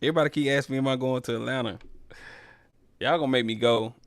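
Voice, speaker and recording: A man's voice: medium pitch, steady tone, quick pace, no room sound, studio quality. A man hosting a casual sports talk stream, talking loosely and calling his viewers y'all. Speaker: sports talk livestream host. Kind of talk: casual chat reading viewer comments.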